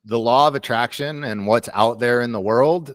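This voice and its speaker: A man hosting a video call, calmly explaining ideas and slowing down to stress his points. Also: mid-range voice, dry recording. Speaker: host of a community call. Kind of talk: casual teaching on a video call.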